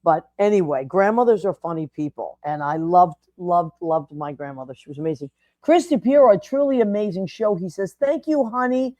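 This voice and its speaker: An older woman hosting a show, telling stories in an animated, chatty way with quick asides and restarts. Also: lowish voice, lo-fi sound. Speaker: host. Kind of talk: casual storytelling chat.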